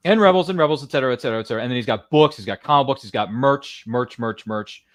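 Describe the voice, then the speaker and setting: Animated, fast-talking man hosting a live stream. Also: mid-range voice, no room sound, studio quality. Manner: excitable, exclamatory, playful asides. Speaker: livestream watchalong host. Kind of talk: casual live-stream chat. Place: home studio.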